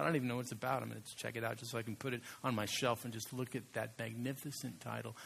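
A man preaching a sermon as pastor, conversational and emphatic, slowing down to stress key words. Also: medium pitch, vocal fry, pushed and bright, a little hiss or hum.

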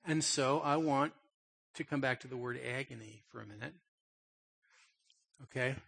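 A man's voice: medium pitch, normal speed, creaky, pauses often, a bit bright, breathy edge. A man preaching a sermon and reading scripture, talking emphatically and conversationally and often checking in with his listeners. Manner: emphatic, conversational, asks "okay?". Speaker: pastor.

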